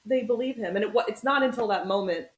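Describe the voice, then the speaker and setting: A woman's voice: medium pitch, fast. A woman co-hosts a podcast in a mid-range voice, working through her points thoughtfully and often agreeing. The sound is roomy, with echo around her. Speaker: podcast co-host. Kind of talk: casual podcast chat.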